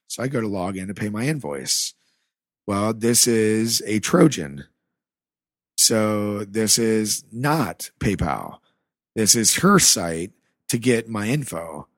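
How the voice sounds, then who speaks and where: A man from the American Rust Belt, guesting on a podcast, slowly tells a casual story from his own life in a lowish voice. He's animated, curses freely and acts out the dialogue, and the recording is dry and clean, studio-quality.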